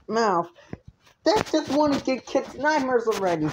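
A woman's voice: high voice, sing-song, normal speed, poor audio. A woman giving an indignant review rant, swearing freely. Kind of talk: ranting review vlog.

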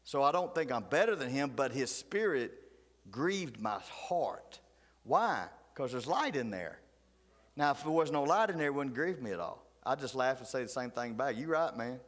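A middle-aged man, a pastor telling folksy stories in a sermon, flaring loud, then dropping to hushed asides. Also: medium pitch, sing-song, normal speed. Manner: folksy, fiery, swings between loud outbursts and hushed asides. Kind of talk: animated storytelling sermon. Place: church sanctuary. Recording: church hall reverb.

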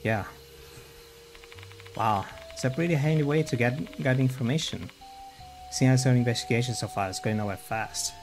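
A male streamer playing a horror visual novel reads its dialogue and narration aloud plainly, breaking off for quick reactions. His mid-pitched voice has a darkish tone, and soft music plays in the background.

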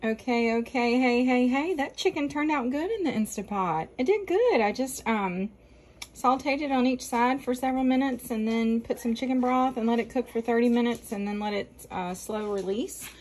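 A woman's voice: fairly high pitch, moderate pace, darkish tone, slight background noise, rough recording. A woman chatting casually in her farm vlog, laughing often and talking straight to her handheld phone. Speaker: farm wife vlogger.

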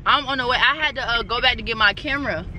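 A young woman vlogging in a casual, excitable way, repeating herself for emphasis. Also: a little high, fast. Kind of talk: casual vlog talk. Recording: noisy background.

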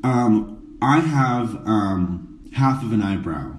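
A man's voice: fairly low pitch, lively intonation, slow, far from the mic, background noise. Campy sarcastic man, roomy phone sound. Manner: campy, sarcastic, rambling asides. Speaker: drag performer doing a makeup tutorial. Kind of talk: casual live-stream chat. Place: dressing room before a show. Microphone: phone camera, a bit away.

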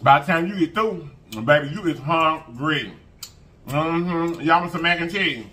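A man's voice: fairly high pitch, measured pace. A man hosting an eating show, chatting to viewers and humming as he tastes. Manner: animated, savoring with hums and mm-hmms; chatty, calls viewers y'all and baby. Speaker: food vlogger.

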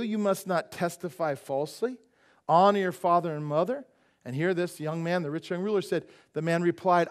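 A man preaching a sermon as pastor, emphatic, asking the congregation questions and acting out the people in the Bible passage. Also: high-pitched.

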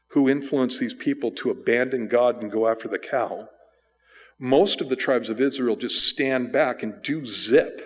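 A man, a pastor, giving a casual, conversational sermon full of restarts and asides. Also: mid-range voice. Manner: casual, rambling with restarts and fillers. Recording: church hall with long reverb.

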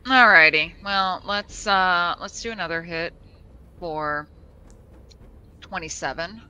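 A player with a very bright, sharp-edged tone speaks slowly and deliberately while calling out rolls and damage. Their asides come across as dry and wry. A faint hiss sits behind the voice. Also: mid-range voice, dull audio. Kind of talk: casual tabletop play.

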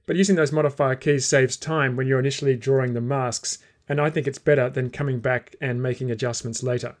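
A man walks through a screen-recorded software tutorial at an even, unhurried pace, speaking in a mid-range voice. He explains each step calmly, the way an instructor narrates while clicking through a program. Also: mid-range voice.

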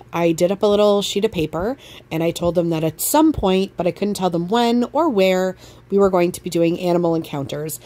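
A woman's voice: fairly low pitch, warm tone. A woman, a mother, narrating a family travel vlog in a chatty, enthusiastic way as she recommends an outing. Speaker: vlogger, mother on a family trip.

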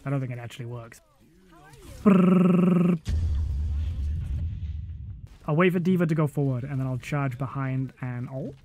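A man's voice: mid-range voice, steady tone, fast, hardly any pauses, darkish tone, highs cut off. A man giving live, jokey commentary while he plays a video game, exclaiming and laughing often. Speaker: game streamer.

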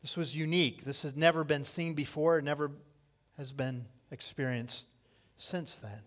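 Impassioned male preacher, slightly high voice. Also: normal speed. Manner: impassioned preaching, swings between loud cries and hushed lines; repeats key phrases for emphasis. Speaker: pastor. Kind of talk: sermon.

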